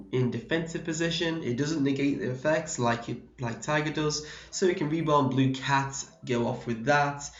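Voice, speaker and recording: A man from the UK talks through a card game deck in a loose, rambling way, often correcting himself mid-sentence. His voice is a little worn, as if he is slightly losing it. The recording sounds dull and roomy, like a home setup. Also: mid-range voice. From United Kingdom. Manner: rambling, self-correcting, explanatory. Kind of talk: casual deck profile explanation.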